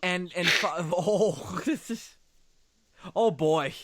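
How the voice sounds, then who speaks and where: A man's voice: sits high, takes it slowly, heavy background noise. A man giving casual, sarcastic commentary on a movie, swearing often.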